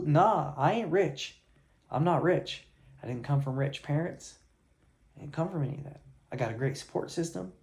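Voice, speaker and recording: A man's voice: fairly high pitch, mellow. A man coaching his viewers in a blunt tough-love rant, swearing heavily and fired up. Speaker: life coach.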